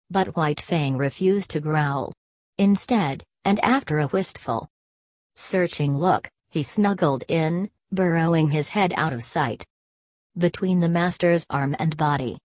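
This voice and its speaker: Brief: woman audiobook narrator, deep and unhurried, dry close recording. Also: a little mellow, dry recording. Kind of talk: scripted narration of a classic novel.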